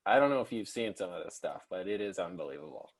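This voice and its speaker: A man co-hosting a comedy show, giving mock-serious coaching in a deadpan, earnest-sounding way. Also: deep voice, quick pace, slightly rough.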